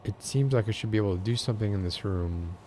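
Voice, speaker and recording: A soft-spoken man chatting casually and rambling while streaming a video game. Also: fairly low pitch, quick pace, a little hiss or hum. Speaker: game streamer and ASMR creator. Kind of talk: casual livestream chat while gaming.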